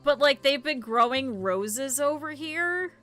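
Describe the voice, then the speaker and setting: A woman's voice: high-pitched, animated, takes it slowly, a bit bright, faint music behind. A woman streamer chatting casually to her viewers while playing, rambling into stories. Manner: chatty rambling storyteller, talks to chat. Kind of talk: casual game stream chat.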